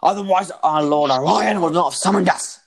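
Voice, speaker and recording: A man's voice: high-pitched, fairly quick, vocal fry, pitched above the performer's own voice. A man voicing an imperious male commander of a council, speaking in a put-on robotic voice. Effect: robotic voice, spoken.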